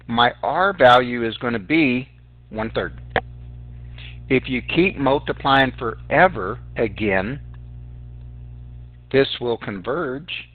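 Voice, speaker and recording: This is a recorded math lesson from a male teacher whose medium-pitched, expressive voice moves slowly and pauses often. He talks students through sequences on a calculator step by step, voicing each step and calling them "guys." The audio is dry and tinny, much like a phone.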